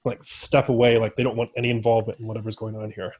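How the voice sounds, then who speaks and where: A man's voice: fairly low pitch, little pitch movement, rapid-fire, a little mellow, breathy edge. A man running a tabletop game as game master, narrating in a casual, rambling way and laughing often.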